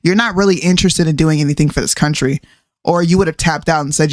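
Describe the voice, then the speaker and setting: A woman's voice: sits low, fast, no echo, clean studio sound. A woman co-hosting a casual political livestream, opinionated and talking over clips. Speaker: co-host.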